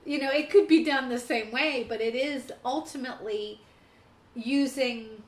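Emotional woman chatting in an echoey room. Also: high voice. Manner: emotional, talks fast in bursts. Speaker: podcast co-host. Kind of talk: casual chat.

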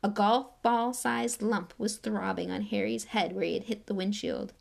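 A woman reads a storybook aloud in a dramatic way, speaking at a middling pitch. At tense moments she drops to an unvoiced whisper, then picks up again as the action builds. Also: fairly even intonation, normal speed, creaky. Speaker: narrator. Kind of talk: audiobook reading.

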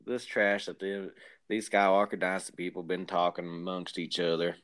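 A man playing a blustery Southern hillbilly podcast host with a drawling Southern accent and deliberately bad grammar. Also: low voice, level tone, fairly bright tone. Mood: rambling. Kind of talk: comedic character banter.

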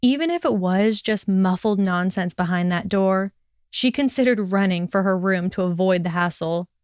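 A woman reading fiction aloud in a steady, expressive narration. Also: medium pitch, normal speed, clear, resonant tone, dry recording, studio quality. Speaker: audiobook reader.

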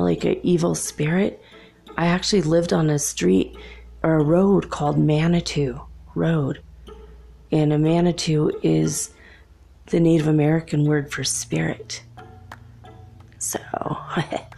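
A woman's voice: low-pitched, creaky, warm tone. A young adult woman telling a personal story in a casual, chatty way, laughing often between remarks.

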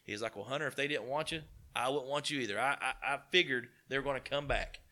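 Southern man with an East Tennessee accent, forceful bright tone, folksy anecdotes, mid-range pitch. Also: fast. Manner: folksy, animated retelling with quoted dialogue. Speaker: car dealership partner. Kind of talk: casual storytelling interview.

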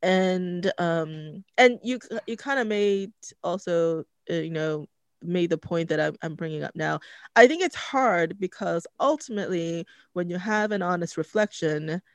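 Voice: mid-range voice, measured pace, clear, resonant tone, no echo. Podcast host, hesitant and reflective, dry close-miked voice. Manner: hesitant, many fillers and restarts. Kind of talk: casual conversation. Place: home recording setup.

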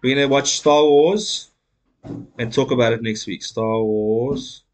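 A man hosting a casual podcast chat who talks in an emphatic, blunt way. He swears freely and laughs often, with a voice at an ordinary middle pitch. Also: unhurried. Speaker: podcast host.

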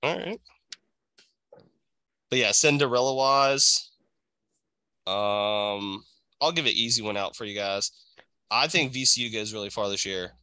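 A man's voice: on the low side, a little slow, long pauses, pushed and bright, smooth, no room sound. A man co-hosting a podcast, chatting loosely about sports with plenty of swearing. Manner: loose, profane, thinks aloud. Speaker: podcast co-host. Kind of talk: casual sports chat.

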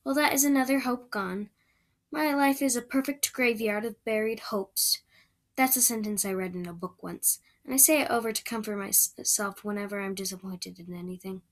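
A woman's voice: medium pitch, normal speed, natural voice. A woman voicing a chatty, dreamy eleven-year-old red-haired girl who gushes in romantic chatter. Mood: gushing, dreamy. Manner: breathless, gushing, romantic chatter.

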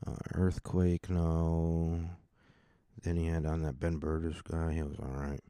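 A man with a deep, dark voice chats casually on his solo podcast, wandering between topics, swearing freely and cracking jokes at his own expense. The recording is dry and close. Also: level tone, unhurried, clean tone, dry recording. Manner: rambling, profane, joking. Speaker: podcast host.

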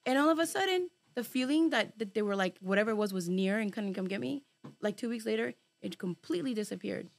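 A woman telling a long personal story in casual group chat, animated and full of swearing and fillers, dropping in bits of Spanish slang. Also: fairly high pitch, fast, gravelly.

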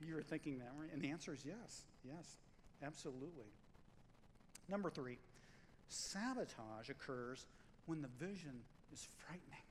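A man preaching a sermon as pastor, in a conversational, animated way, acting out quotes and stories. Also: on the high side, moderate pace, long reverb tail, a little hiss or hum, poor audio.

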